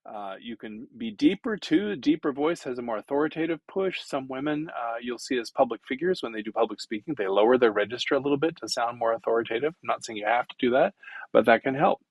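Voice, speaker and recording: A man of middle pitch gives a relaxed, conversational lesson on public speaking, demonstrating his points and filling pauses with "uh". The sound is close and dry, with no room echo. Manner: conversational, demonstrative, many fillers. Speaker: instructor.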